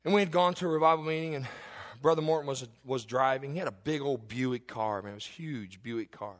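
A man preaching a sermon as a pastor, telling a personal story and building to fervent, shouted exhortation. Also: mid-range voice, fairly quick, in a large hall.

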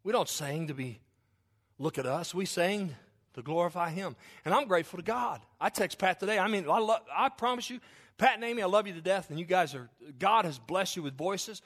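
A man preaching a sermon to his congregation, emphatic and repetitive, swinging between intense build-ups and quiet, low passages. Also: fairly quick. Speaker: pastor.

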